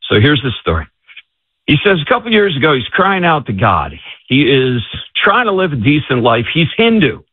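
A man, an author, telling a faith story in a lively way and acting out the voices he quotes. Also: a little high, normal speed, slightly rough, dry recording, phone-quality sound. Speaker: author and guest. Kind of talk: animated storytelling.

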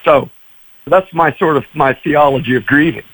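Pastor guest, high and lively, dry studio sound, expressive storyteller. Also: male voice, normal speed, breathy edge, dry recording, rough recording. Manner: expressive, acts out voices, repeats "man" and "you know". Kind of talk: animated storytelling in a radio interview.

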